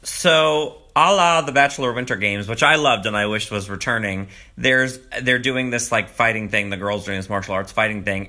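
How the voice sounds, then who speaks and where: Bright, chatty man recapping a reality show. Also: normal speed, few pauses. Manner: animated, gossipy, swings into high mocking quotes. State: groggy morning voice. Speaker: recap vlogger. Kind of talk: casual commentary.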